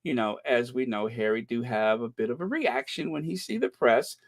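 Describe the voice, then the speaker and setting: An American man hosting a casual livestream, chatting warmly with a caller and reading viewer comments aloud in a rambling way. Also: medium pitch, expressive, moderate pace. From United States. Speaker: livestream host.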